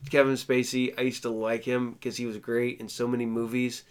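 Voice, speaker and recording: A man's voice: mid-range voice, flat delivery, brisk, clean tone. A man co-hosting a casual podcast chat, rambling with many restarts and crude jokes. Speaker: podcast co-host.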